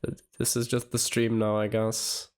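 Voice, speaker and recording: A young man in his twenties chatting casually on a live stream, halting and rambling with stammered restarts. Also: on the low side, completely flat delivery, clear, resonant tone.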